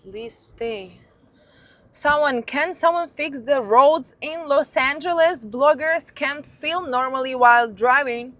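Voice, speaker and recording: A woman's voice: high voice, slow pace, fairly bright tone, no room sound. A young woman vlogger telling a candid, sweary story to her phone camera while driving her car. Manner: candid, swears freely, laughs at herself. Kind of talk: storytime vlog.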